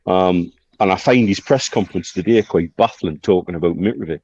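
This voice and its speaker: Bloke chatting football, lowish voice, lots of ums, dull dry lo-fi sound. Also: male voice, a little mellow. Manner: measured, hesitant with many fillers. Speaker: podcast co-host. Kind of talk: casual football chat.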